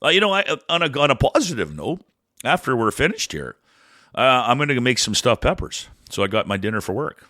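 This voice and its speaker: Podcast co-host from Canada, bright forceful voice, profane rambler, dry close mic. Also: male voice, medium pitch, sing-song, fairly quick, dry recording. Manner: blunt, profane, rambling, swings loud and soft. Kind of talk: casual ranting chat.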